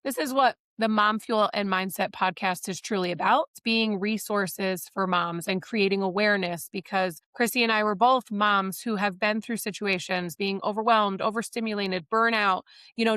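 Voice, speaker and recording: A woman's voice: mid-range voice, moderate pace, pushed and bright, no echo. A woman co-hosting a podcast, affirming her guest and asking follow-up questions. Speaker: podcast co-host. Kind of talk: podcast interview.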